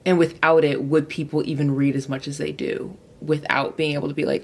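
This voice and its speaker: Young woman rambling about books, lots of "like", lowish voice, roomy echo. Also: flat delivery, brisk, vocal fry. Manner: chatty, rambling, heavy use of "like". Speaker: book vlogger. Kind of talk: casual chat to camera.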